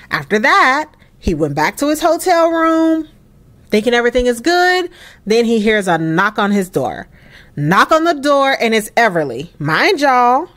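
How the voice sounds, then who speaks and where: A woman hosting a casual let's play, chatty and expressive, cursing and laughing at the game's drama. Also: fairly high pitch. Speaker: gaming channel host.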